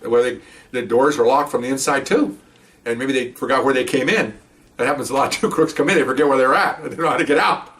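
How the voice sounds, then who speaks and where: A retired police officer, an older man, tells a story casually and with animation, laughing and acting out voices. He speaks fast in a medium-pitched voice, sitting far from the mic.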